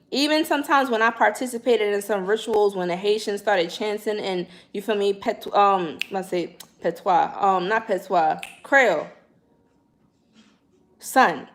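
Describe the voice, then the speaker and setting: Young new woman on a livestream, slangy and animated, talking right at her viewers. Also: mid-range voice. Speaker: spiritual livestream host. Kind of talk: casual livestream chat.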